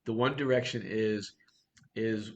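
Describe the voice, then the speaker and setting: A man's voice: fairly low pitch, steady tone, unhurried. A man coaching real estate agents in a workshop talk, blunt and direct, firing off rhetorical questions.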